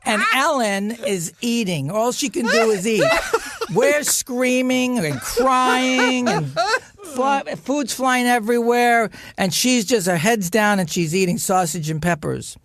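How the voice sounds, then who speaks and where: An older man telling an animated family anecdote on a podcast, acting out shouting relatives. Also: high-pitched, a little slow, noisy background. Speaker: podcast guest. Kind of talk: storytelling anecdote.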